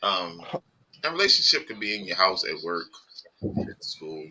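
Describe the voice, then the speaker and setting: A man hosting a laid-back podcast, his voice bright and sharp with big swings in pitch. He curses freely and gets worked up as he talks. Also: moderate pace, low-quality recording. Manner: profane, animated, laughing often. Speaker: podcast host. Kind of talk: casual podcast chat.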